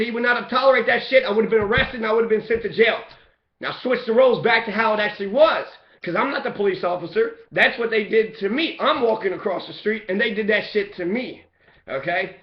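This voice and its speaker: A man giving impassioned personal testimony, talking in a profane, rambling way and growing loud and heated. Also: high voice, a little fast. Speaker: person recounting a police beating. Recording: echoey, dull room recording.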